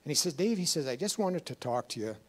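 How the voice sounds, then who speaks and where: A man's voice: on the high side, big pitch swings, fast, breathy edge. A man giving a rambling, emotional personal testimony to a church, with many fillers and restarts. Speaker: guest speaker.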